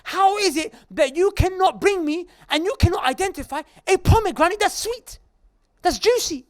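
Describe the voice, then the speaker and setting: A man's voice: very high voice, rapid-fire, voice pushed up. A man voicing a rich male garden owner, indignant and demanding, during a story in a sermon. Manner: exasperated, demanding questions.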